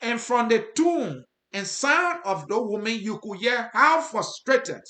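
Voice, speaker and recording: A man's voice: very high-pitched, big pitch swings, a little slow, pushed and bright. A man with a Liberian accent giving commentary to his viewers, earnest, repeating his points for emphasis. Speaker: host. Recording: roomy, echoey sound.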